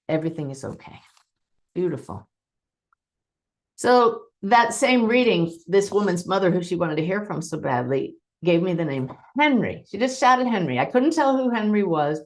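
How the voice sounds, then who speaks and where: A woman with a low voice hosts a session as a medium. She recounts readings with lively enthusiasm and acts out the voices of the people she quotes. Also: vocal fry. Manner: warm, enthusiastic storytelling, acting out quotes. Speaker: medium and host. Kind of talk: teaching talk to an online audience.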